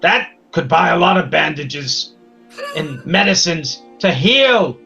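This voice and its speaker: A man playing a tabletop game, complaining in a slow, whiny way. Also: on the high side, lively intonation, creaky, sharp tone, highs cut off, faint music behind. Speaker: player. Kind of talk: tabletop role-play chat.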